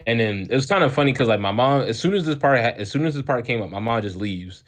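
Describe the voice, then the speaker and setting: A man's voice: mid-range voice, expressive, fast talker. A man co-hosting a podcast, casually telling a childhood story in a rambling way with lots of restarts. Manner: rambling, many restarts and fillers, laughs often. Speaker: podcast co-host.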